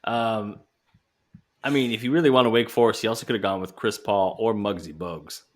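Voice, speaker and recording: A man's voice: on the low side, steady tone, fairly quick. A man co-hosting a casual podcast, joking and swearing as he talks about wrestling matches. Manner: joking, swearing, quotes wrestlers in put-on voices. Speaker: podcast co-host.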